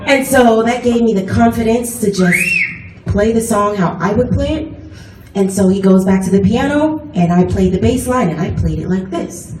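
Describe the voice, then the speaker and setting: A woman bass player telling a story to a concert audience from the stage, laughing often as she talks, recorded from far off in an echoey venue with the crowd behind her. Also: animated, normal speed, a little mellow, slight background noise. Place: live music venue on stage.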